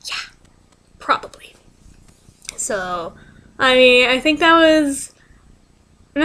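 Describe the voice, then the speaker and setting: High-voiced woman venting in a vlog. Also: very animated, slow pace, pauses often, a bit bright. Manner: chatty, exasperated, swears freely. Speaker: vlogger. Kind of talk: casual storytelling vlog.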